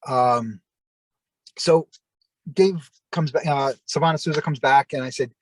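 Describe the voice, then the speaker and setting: A former wrestler as an interview guest, telling long rambling anecdotes with lots of fillers and acted-out quotes. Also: male voice, mid-range voice, a little slow, dry recording, poor audio. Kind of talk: casual storytelling.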